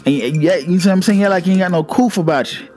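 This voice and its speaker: Brief: a profane male vlogger with a fairly high voice, telling a story in an animated, repetitive way. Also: fast, faint music behind. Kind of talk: casual storytime monologue.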